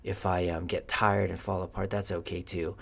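Guy doing a curious little firefly larva, earnest, low and gravelly. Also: flat delivery, normal speed. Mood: determined. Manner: wondering, earnest. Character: young male firefly larva, curious and awestruck.

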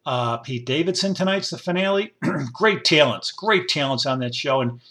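A man's voice: fairly high pitch, expressive, moderate pace, sharp tone. A middle-aged man, hosting a rambling solo podcast in a folksy, digressive, enthusiastic way. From upstate New York. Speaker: podcast host.

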